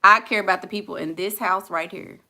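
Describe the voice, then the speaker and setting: Blunt, bright-voiced Southern woman chatting. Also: mid-range voice, steady tone, brisk. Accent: Southern US (Houston). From Houston, Texas. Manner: blunt, laughing, talks back to chat. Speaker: vlogger reading live comments. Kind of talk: casual chat.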